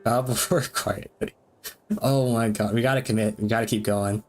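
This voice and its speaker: A man streaming a game, reading its dialogue aloud between quick reactions and frequent laughs. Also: on the low side, fairly even intonation, a little mellow. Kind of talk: let's-play commentary reading game text aloud.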